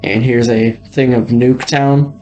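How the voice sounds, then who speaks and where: A man's voice: medium pitch, steady tone, unhurried, warm tone, dull audio, soft background music. A man giving a casual, rambling walkthrough, laughing often and trailing off mid-sentence. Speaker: video creator touring an old game world.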